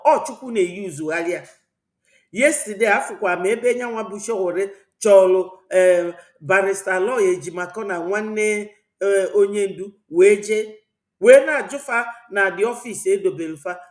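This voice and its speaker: A woman from Southeast Nigeria with an Igbo accent hosts a political commentary vlog, talking in a rambling, preachy way. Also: medium pitch. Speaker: channel host. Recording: roomy echo.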